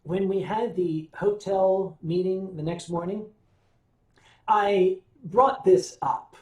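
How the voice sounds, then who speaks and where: With a high, steady voice of darkish tone and a slow pace, an older American man runs a casual livestream. He tells meandering, wry stories, hums between thoughts and responds to viewers, all in a roomy, echoing recording.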